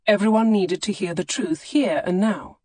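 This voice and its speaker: A woman narrating a historical romance audiobook in a measured, expressive reading on a close studio mic. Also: mid-range voice, no room sound. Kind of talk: scripted narration.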